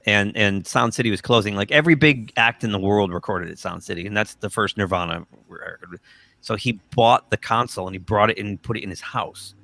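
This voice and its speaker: A man hosting a livestream and telling lively anecdotes over a video call. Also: fairly low pitch, brisk, creaky, dry recording. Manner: animated anecdote teller, quotes people in voices. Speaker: livestream host. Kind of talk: casual chat, storytelling.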